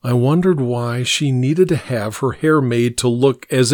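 A man's voice: medium pitch, a little slow, few pauses, darkish tone, no echo. A man narrating a first-person story in a dry, wry way.

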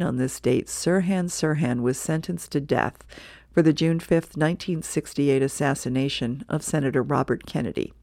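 A woman volunteer reader reading the newspaper aloud for a radio reading service, relaxed and plain, with small self-corrections. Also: deep voice, dry recording, clean studio sound.

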